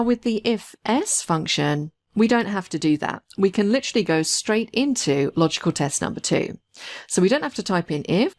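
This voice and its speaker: Lively-voiced woman teaching a spreadsheet lesson. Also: lowish voice. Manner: patient, step-by-step explaining. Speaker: software instructor. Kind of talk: screen-recorded tutorial narration.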